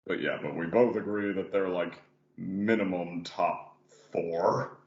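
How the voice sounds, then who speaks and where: Deep voiced guy rambling about cartoons, lots of likes and yeahs, roomy kinda dull audio. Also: slow. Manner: rambling, many "like" and "yeah" fillers. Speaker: podcast host. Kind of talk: casual podcast chat reviewing animation.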